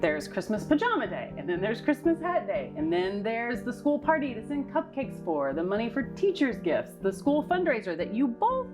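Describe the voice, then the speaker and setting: A woman with a Texas accent chats in a fairly high, animated voice, laughing easily as she lists things off. Music plays clearly underneath her. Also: normal speed, few pauses. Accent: Texan. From United States. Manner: laughs often, lively listing. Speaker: vlog co-host. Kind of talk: casual chat.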